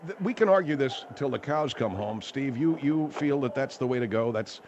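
A man hosting a call-in radio talk show, animated and refereeing his callers. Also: medium pitch, normal speed, muffled recording, slight background noise.

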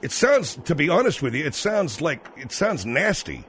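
Male call-in host, sarcastic and exasperated, a bit high and animated. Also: moderate pace, slight background noise. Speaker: radio talk show host. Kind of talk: call-in radio.

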